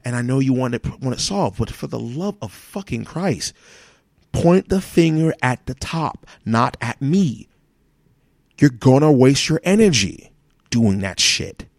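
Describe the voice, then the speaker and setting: A man's voice: medium pitch, big pitch swings, unhurried, creaky, no room sound, clean studio sound. A man hosting his own podcast, ranting alone in a profane, exasperated way with many restarts. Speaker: podcast host. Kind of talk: solo ranting monologue.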